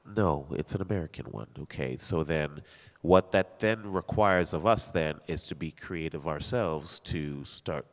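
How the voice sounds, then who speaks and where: Male actor, very low voice, earnest and encouraging panel speaker; live hall echo. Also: unhurried. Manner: earnest, encouraging, restarts phrases. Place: theater hall at a live talk. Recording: long reverb of a hall.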